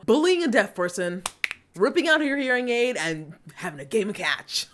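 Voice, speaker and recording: A woman's voice: mid-range voice, sing-song, moderate pace, fairly bright tone. A young woman hosting a movie reaction, talking casually and animatedly, swinging between giggles and indignant rants.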